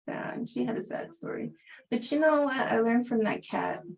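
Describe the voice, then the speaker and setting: A woman's voice: on the high side, lively intonation, moderate pace, vocal fry, rough recording. A middle-aged woman chats through a personal story on a livestream, in an easy, conversational way. She laughs often between sentences and speaks as a spiritual teacher sharing with her viewers.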